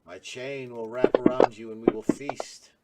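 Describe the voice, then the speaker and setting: A cruel scorpion monster, as a man puts it on at a tabletop game, hurling loud threats in a mid-range voice. It gloats and boasts like a monster sure of its kill. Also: mid-range voice, steady tone, normal speed, background noise, natural voice. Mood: menacing.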